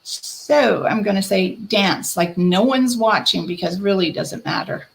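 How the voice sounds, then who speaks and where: Woman, psychic host of a live stream; gentle, reassuring reader with a mid-pitched voice. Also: animated, a little slow, gravelly, poor audio. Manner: gentle, reassuring, addresses viewers by name. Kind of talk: live-stream card reading.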